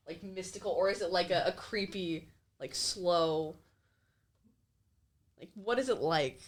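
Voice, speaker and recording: A woman playing a tabletop game, talking casually with quick questions and many fillers. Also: mid-range voice, expressive. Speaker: player.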